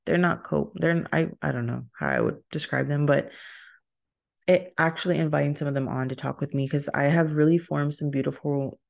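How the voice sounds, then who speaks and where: A woman's voice: sits low, moderate pace, gravelly, darkish tone. A young woman from Texas, hosting her solo podcast in a rambling, chatty way, often laughing and breaking off mid-sentence. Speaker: podcast host. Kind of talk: casual solo podcast chat.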